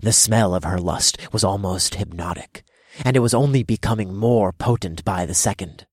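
A man narrating a first-person erotic story in low, measured storytelling. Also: slightly rough, no room sound, clean studio sound.

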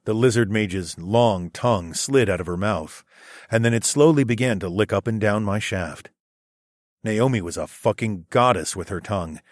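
Male first-person audiobook narrator, lowish steady voice, dry booth sound. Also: no room sound.

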